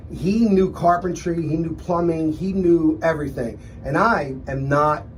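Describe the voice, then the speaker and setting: A middle-aged man tells stories with animation. His voice sits a little high for a man, and he talks casually as a guest, acting out the people in his stories. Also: unhurried, slight background noise. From Philadelphia. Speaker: restaurant owner, guest. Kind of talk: storytelling in a casual interview.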